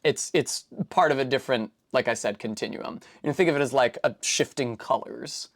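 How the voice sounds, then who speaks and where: Building a Lego set on stream, a woman from New England talks in a brisk bass voice. Her chat is loose and rambling, wandering into long tangents, and she constantly uses fillers and corrects herself partway through sentences.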